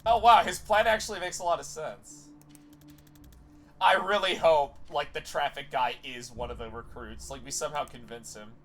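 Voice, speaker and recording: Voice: medium pitch, normal speed, a bit bright, faint music behind. A streamer playing a game live, chatting casually and teasing with dry jokes.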